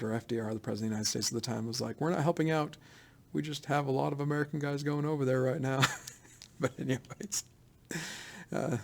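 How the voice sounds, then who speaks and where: A man teaching a history lesson in a loose, chatty way, full of asides and fillers. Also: mid-range voice.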